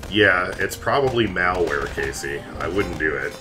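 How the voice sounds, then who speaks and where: A man's voice: sits low, lively intonation, moderate pace, music in the background. A man streaming a game and chatting casually, teasing and joking with his viewers. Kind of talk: casual livestream commentary.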